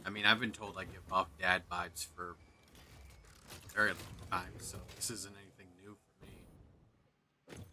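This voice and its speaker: A man's voice: low-pitched, fairly even intonation, unhurried, long pauses, bright, forceful tone, slight background noise. A man co-streaming in casual chat, easygoing and teasing.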